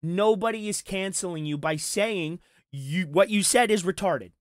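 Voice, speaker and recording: High-pitched guy ranting, swearing a lot, sarcastic, dead dry sound. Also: a little slow, no room sound. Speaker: commentary streamer. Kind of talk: heated reaction commentary.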